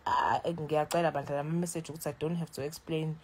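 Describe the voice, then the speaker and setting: A South African woman in her thirties venting in a casual vlog, animated and switching between languages mid-sentence. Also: deep voice, fast talker, slight background noise. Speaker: YouTuber.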